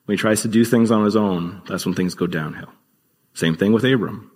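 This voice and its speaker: A man's voice: fairly low pitch, fairly quick, darkish tone, slightly rough, long reverb tail. A man preaching a sermon as pastor, earnest and conversational, with occasional fillers.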